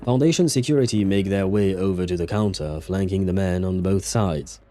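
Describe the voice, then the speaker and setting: A man streaming a game narrates scenes and chats with viewers, rambling casually, answering chat, with frequent fillers and laughs. His voice is low and mellow at a moderate pace, with faint music behind him.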